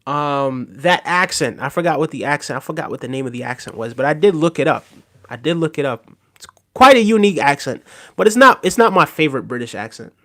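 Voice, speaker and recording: A man's voice: medium pitch, a bit bright. A man hosting a livestream in a casual, unscripted way, talking to viewers with many fillers, repeated phrases and frequent checks of "right?". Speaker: livestream host reading viewer comments.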